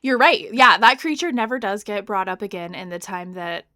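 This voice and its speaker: A woman co-hosting a book podcast, retelling the story in a casual, profane and animated way. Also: mid-range voice, normal speed, no room sound, studio quality. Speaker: podcast co-host.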